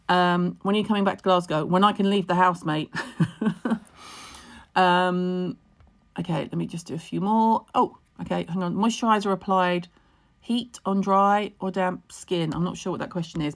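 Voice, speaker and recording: Woman, lowish voice, frank and chatty, answering viewer questions on a phone livestream. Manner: brisk, chatty, frank, peppered with ums. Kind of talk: casual livestream Q&A.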